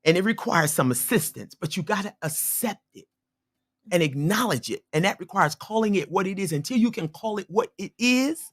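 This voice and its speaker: Radio guest: husky woman in her fifties, emphatic and preachy, with a lively, swinging pitch. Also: moderate pace. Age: 50s. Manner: preachy, emphatic, repeats key points. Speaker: radio show guest, abuse survivor and healer. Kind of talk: earnest personal testimony and advice. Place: radio studio.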